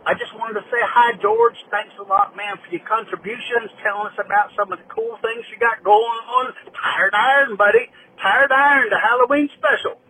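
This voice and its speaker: A man's voice: sits high, steady tone, moderate pace, few pauses, pushed and bright, slight background noise, low-quality recording. A man putting on a rowdy good-old-boy caller in a folksy, rambling, conspiratorial voicemail.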